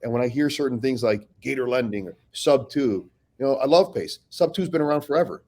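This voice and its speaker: A man's voice: medium pitch, brisk. Blunt, profane man telling his story. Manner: blunt, profane, animated storytelling with frequent restarts. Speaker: podcast guest. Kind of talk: casual podcast talk.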